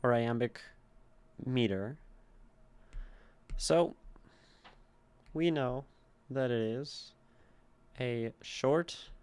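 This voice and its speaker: A man streaming, reading a poem aloud and then explaining its meter, sounding out syllables slowly and carefully. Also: medium pitch, a little mellow. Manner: slow, deliberate reading with gravelly tone. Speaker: streamer critiquing poetry. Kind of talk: reading and teaching poetry.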